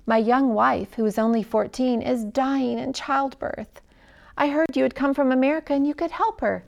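A woman's voice: mid-range voice, lively intonation, moderate pace, gravelly, a little mellow. A woman voicing an anxious young husband who pleads urgently for help in a read-aloud story. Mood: desperate.

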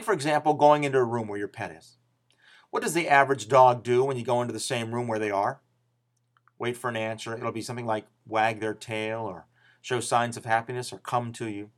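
A man preaching a sermon, stressing key phrases loudly and dropping to quiet asides. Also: medium pitch.

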